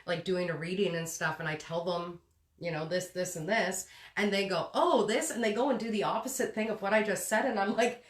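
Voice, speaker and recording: A woman's voice: lowish voice, fairly even intonation, a little fast, reverberant. A woman hosting a casual live talk, often ending her sentences on a rising note and laughing easily. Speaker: host. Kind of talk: casual conversational live stream.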